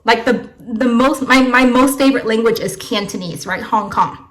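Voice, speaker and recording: A young Vietnamese woman teaches an English lesson in a casual, encouraging way, with a fairly high voice at a moderate pace. She checks in with "okay?" and "right?" after many of her phrases.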